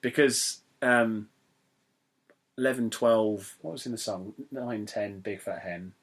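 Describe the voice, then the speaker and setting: Speaking slowly with a fairly low voice, this English podcast host keeps the talk loose and funny, wandering from tangent to tangent.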